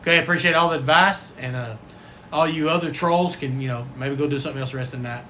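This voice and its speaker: Folksy, bright-voiced man. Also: a little high, quick pace, slight background noise. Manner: folksy, cussing, rambling. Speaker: livestream host and football coach. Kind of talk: casual livestream chat.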